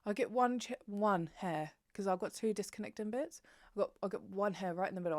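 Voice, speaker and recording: A young woman talks straight to camera about books, frank, sweary and full of bounce. Her voice sits at a middling pitch, and the sound is close and dry with no room around it. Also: expressive, a little fast, a little mellow, no echo. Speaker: book vlogger. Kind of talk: casual chat to camera.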